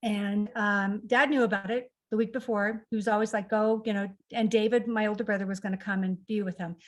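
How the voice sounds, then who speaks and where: A woman's voice: mid-range voice, steady tone, a little fast. A middle-aged woman recounting a personal family story in conversation, acting out the quoted lines of the people in it. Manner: emotional, acts out quoted dialogue. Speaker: author guest.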